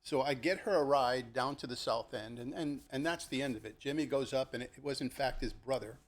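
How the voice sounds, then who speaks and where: An older man, a retired police lieutenant, telling stories from his career in a conversational podcast interview and animatedly acting out the people in them. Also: a little fast. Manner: animated, acts out the people in his stories with sharp jumps in pitch; conversational, with fillers and restarts. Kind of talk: podcast storytelling.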